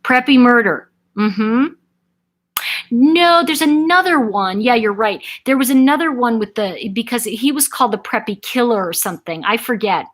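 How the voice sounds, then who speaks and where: A woman's voice: a little high, lively intonation, moderate pace, rough recording. Chatty woman on a live stream. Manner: chatty, reads out viewer comments, frequent ums and self-corrections. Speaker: host of a live chat stream. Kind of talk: casual live-stream chat.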